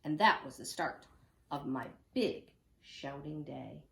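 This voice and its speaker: Lively woman teacher reading aloud. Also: low-pitched, slow pace, gravelly, reverberant. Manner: lively, animated, chatty asides to children. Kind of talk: reading a picture book aloud. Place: home room.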